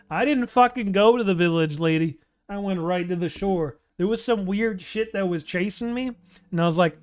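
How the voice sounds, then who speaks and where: A fairly high-voiced man rambling over a game. He is crude and loud, swears constantly and laughs a lot. Soft music plays faintly behind his commentary. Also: moderate pace. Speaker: gameplay streamer.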